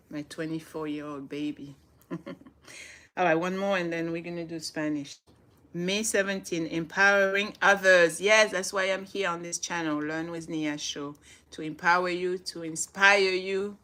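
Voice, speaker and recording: A woman in her forties hosts a casual live stream from home, her low-ish voice pushed and bright. Upbeat and motivational, she laughs often while reading aloud and chatting.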